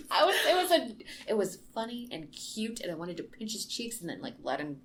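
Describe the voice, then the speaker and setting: A woman hosting a casual movie discussion podcast, enthusiastic and quick to laugh. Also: mid-range voice, very animated, background noise. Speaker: podcast host.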